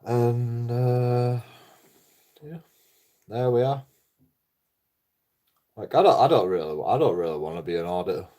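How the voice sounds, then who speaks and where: A man's voice: medium pitch, a little slow, long pauses, mellow. A man rambling through a casual livestream chat, swearing a lot, repeating himself and laughing at his own jokes. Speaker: livestreaming vlogger.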